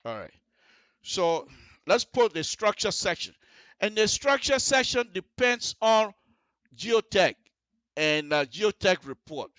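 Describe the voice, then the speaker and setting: A man's voice: sits high, very animated, takes it slowly, pauses often, fairly bright tone, dry recording. A man teaching road construction and design on a radio show, walking listeners through the details and checking often that they follow. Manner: explanatory, repeats checks like "you see the difference?". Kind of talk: on-air technical tutorial. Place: radio studio.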